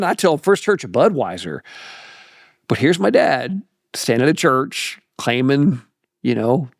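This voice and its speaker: A man's voice: on the high side, dry recording. Middle-aged guy telling a folksy story, voice jumps all over, dry close mic. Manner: animated, folksy, laughs through anecdotes. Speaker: pastor. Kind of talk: personal storytelling. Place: podcast studio.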